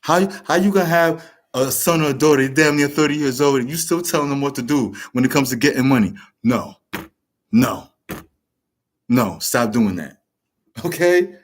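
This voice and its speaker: Speaking straight to camera, a show host delivers a passionate, rambling monologue with frequent swearing. He has a medium pitch and moderate pace, and often restarts sentences and repeats words.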